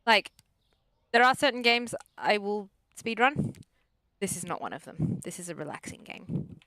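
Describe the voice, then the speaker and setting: A woman's voice: mid-range voice, lively intonation, normal speed, sharp tone, dry recording, rough recording. A young adult woman chatting casually while streaming a relaxing game, playful and rambling, often breaking off to coo at her dog. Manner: makes sing-song beeping sounds while scanning items. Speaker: streamer and therapist. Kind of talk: casual gameplay chat. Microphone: desk microphone.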